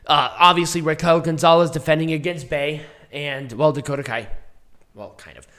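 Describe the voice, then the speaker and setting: A young man hosting a casual wrestling review podcast, hoarse from losing his voice, his voice squeaking and breaking as he rambles and laughs at himself. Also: fairly even intonation, normal speed, fairly bright tone. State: hoarse, lost voice, voice cracking. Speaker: podcast host.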